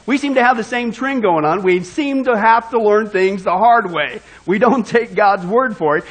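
A man's voice: high-pitched, fairly bright tone. A male pastor preaching in a joking, conversational way, talking straight to the congregation. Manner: joking, conversational, addresses the crowd. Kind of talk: sermon with a told joke.

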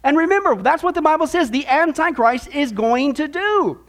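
Man preaching, high-pitched voice, emphatic, sarcastic, rhetorical questions. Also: animated, moderate pace. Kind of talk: sermon-style Bible teaching.

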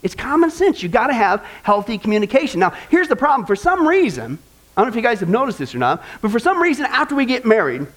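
A man's voice: very high-pitched, big pitch swings, fast, fairly bright tone. A man preaching a sermon on marriage, earnest and conversational, speaking straight to the congregation with touches of humor. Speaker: pastor.

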